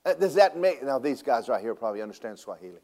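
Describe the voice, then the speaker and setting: A man preaching from the pulpit, swinging from booming declarations to hushed, confiding asides. He tells humorous stories and chuckles at his own jokes, his voice rising and dropping as he goes. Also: fast talker. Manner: animated, shifts from loud preaching to hushed asides. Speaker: pastor. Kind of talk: sermon.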